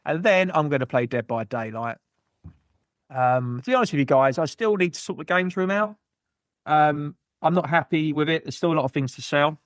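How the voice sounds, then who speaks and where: A man hosting a gaming podcast on his own, rambling through shout-outs and jokey, self-mocking asides. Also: a little high, expressive, moderate pace, no room sound, studio quality. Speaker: podcast host. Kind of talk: solo gaming podcast chat.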